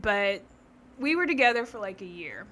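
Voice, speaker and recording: A woman, co-hosting a podcast and telling a story in casual chat, animated and laughing. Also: medium pitch, moderate pace, slight background noise. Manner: animated, laughing, swearing freely. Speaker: podcast co-host.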